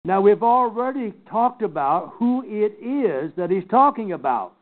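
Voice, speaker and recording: An older man teaching a Bible class, slowly and emphatically picking apart scripture word by word. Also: high voice, very animated. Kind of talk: Bible study lecture. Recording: tinny phone-like recording.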